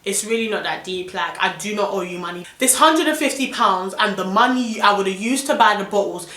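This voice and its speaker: A young woman with a London accent telling an animated, indignant storytime vlog full of slang. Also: mid-range voice, brisk, reverberant. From London, England. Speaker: vlogger.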